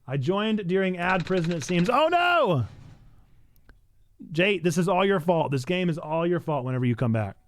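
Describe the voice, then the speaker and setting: A man's voice: high-pitched, fairly quick, hardly any pauses, no room sound. A man streaming a video game, chatting casually with his viewers. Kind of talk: casual live gameplay chat. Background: game music.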